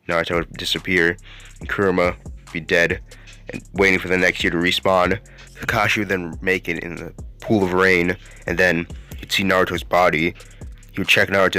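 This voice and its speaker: A man's voice: low voice, bright, forceful tone. A man hosting a YouTube channel and narrating a fan-made anime what-if story in a casual, rambling way. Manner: casual, rambling, with fillers and restarts. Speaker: YouTube host.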